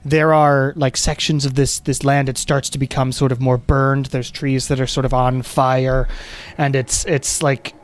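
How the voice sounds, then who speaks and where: A man's voice: medium pitch, little pitch movement, unhurried. Casual male game master. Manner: casual, many fillers. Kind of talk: narrating a tabletop game.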